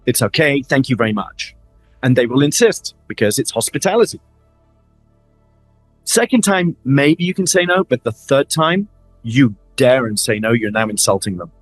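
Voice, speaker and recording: A man's voice: mid-range voice, lively intonation, normal speed, breathy edge, no echo, faint music behind. A middle-aged man with a Middle Eastern accent, a guest in a fireside chat, telling stories with animation, acting out quoted lines and often repeating words. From Middle East. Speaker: interview guest, family office advisor.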